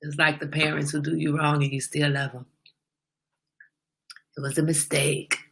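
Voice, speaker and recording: A woman's voice: low voice, flat delivery, moderate pace, creaky, fairly bright tone. A woman hosting a casual livestream, talking emphatically and asking rhetorical questions, like a small sermon. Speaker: livestream host.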